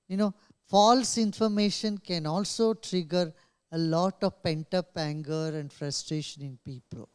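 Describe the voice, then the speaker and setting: A man answering questions at a press conference in a slow, measured way, pausing often with small laughs. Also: high-pitched, fairly even intonation, smooth. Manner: slow, measured, with many pauses and soft laughs. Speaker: invited speaker. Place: press club conference room.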